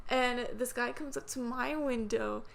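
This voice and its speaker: A young woman with a fairly high, gravelly voice, chatting casually on a podcast. She tells stories with lots of swearing and laughter, acting out the people she describes. Faint noise sits under her voice. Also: a little slow. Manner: animated storytelling, acting out customers, frequent laughter and swearing. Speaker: podcast host. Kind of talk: casual chat.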